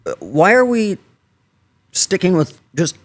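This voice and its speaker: A woman's voice: fairly low pitch, sing-song, takes it slowly. A woman hosting a podcast, giving short replies and asking her guest questions. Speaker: podcast host. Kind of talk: casual interview.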